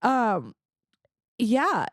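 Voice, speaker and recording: A woman co-host riffs through a casual comedy podcast with sardonic, animated energy. Her voice sits a little higher than usual. The sound is dry and close. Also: extremely slow, no room sound. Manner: sardonic, animated storytelling with many "like"s.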